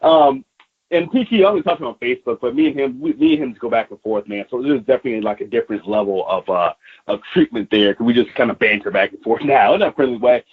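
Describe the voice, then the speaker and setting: A man's voice: medium pitch, animated, fast, slightly rough. A male pro wrestler called into a podcast, his voice thin and squeezed by a phone line. He talks in a loose, rambling way and keeps dropping fillers as he tells stories. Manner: loose, rambling, many fillers like "you know, man". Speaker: pro wrestler, interview guest. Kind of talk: casual phone interview.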